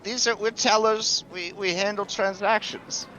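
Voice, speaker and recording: A man's voice: sits high, steady tone, unhurried, sharp tone, voice pushed up, low-quality recording. A man voicing a nervous, flustered bank teller who stammers and hesitates.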